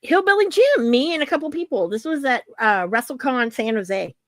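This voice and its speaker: A woman co-hosts a casual podcast and tells fan stories with plenty of fillers and swearing. Her pitch swings widely as she gets into a story. The sound is dry and close to the mic. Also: normal speed, no room sound. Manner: animated storyteller, swears freely, many fillers. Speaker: podcast co-host. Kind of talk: casual chat.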